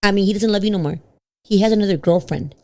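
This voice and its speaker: A woman in her thirties, a podcast guest telling a personal story casually, acting out quoted voices with big pitch jumps and slipping into Spanish now and then. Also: fast, a little mellow. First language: bilingual, switches into Spanish. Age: 30s.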